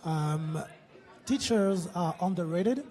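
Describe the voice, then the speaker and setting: French-accented man, higher voice, hesitant. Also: expressive, takes it slowly, darkish tone, some chatter behind. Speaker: filmmaker guest. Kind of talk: casual interview.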